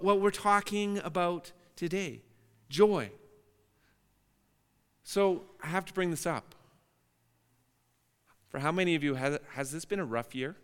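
A man's voice: on the high side, clear, resonant tone, in a large hall. A man preaching a sermon as pastor, earnest and prone to repeating words as he restarts phrases.

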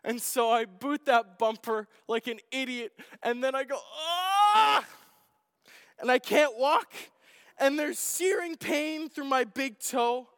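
A middle-aged man preaching a sermon as a pastor, telling a personal story with acted-out shouts. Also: very high-pitched, a little slow, clear, resonant tone. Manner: animated storytelling, acting out his own shouts. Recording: long hall reverb.

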